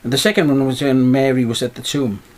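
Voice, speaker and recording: A man's voice: mid-range voice, fairly even intonation, quick pace, a little hiss or hum. A man preaching a sermon, pressing his points with repeated rhetorical questions.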